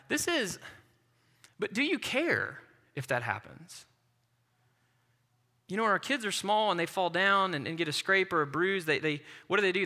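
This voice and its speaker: A man's voice: fairly high pitch, pushed and bright, long reverb tail. A man preaching a sermon as a pastor, talking in an earnest, conversational way and mixing in personal stories. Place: church.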